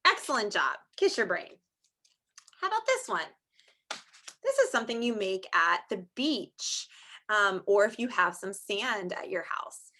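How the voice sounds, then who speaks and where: Woman, preschool teacher on a video call; bright, clear tone, exaggerated sing-song delivery. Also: medium pitch, big pitch swings. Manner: sing-song, drawn-out teacher talk for young children. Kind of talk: online small-group phonics lesson. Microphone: screen-share video call.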